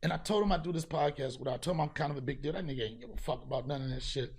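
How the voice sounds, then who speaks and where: A man hosting a podcast, telling a street story in casual chat, profane and animated, acting out the people he met. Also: fairly high pitch, very fast, gravelly, breathy edge. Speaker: podcast host.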